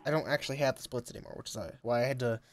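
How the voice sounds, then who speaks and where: Guy rambling on his game stream, laughs a lot, mid pitch, soft music behind. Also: fairly even intonation, very fast. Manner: rambling, self-deprecating, laughs often. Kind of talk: casual live-stream commentary.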